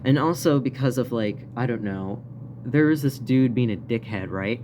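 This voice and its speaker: Mid-pitched vlogger, casual rant, heavy swearing, rambling, faint ambient hum. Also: normal speed. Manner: profane, rambling, frequent laughs.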